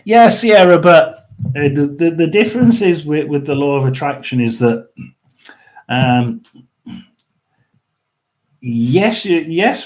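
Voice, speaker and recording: Guy rambling on his live stream, lots of restarts and throat clearing. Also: mid-range voice. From United Kingdom. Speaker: host of a tarot and paranormal live stream. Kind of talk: casual live-stream chat.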